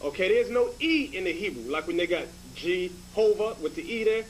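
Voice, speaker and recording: A man's voice: sits high, animated, normal speed, slight background noise, rough recording. A man teaching as a bishop, hammering his points home and checking in with "okay?" after each one. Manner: emphatic, repeats points with "okay?". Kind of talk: scripture lesson to a group.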